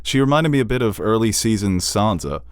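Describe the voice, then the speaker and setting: A man co-hosting a podcast in casual chat, animated and quick to swear and laugh, with a Long Island accent. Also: lowish voice. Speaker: podcast co-host.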